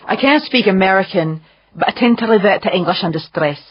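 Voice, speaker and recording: A woman's voice: mid-range voice, animated, slightly rough, dull audio. Woman doing a blunt, sardonic young woman. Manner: brisk, sardonic, uses Scots words. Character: blunt, quick-witted young woman, bitter edge.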